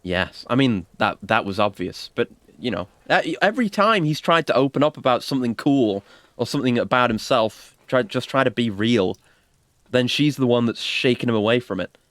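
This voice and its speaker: A man's voice: mid-range voice, animated, normal speed, a bit bright, dry recording. A man playing a video game and thinking aloud in casual, hesitant commentary. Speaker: gaming streamer. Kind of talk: casual let's-play commentary.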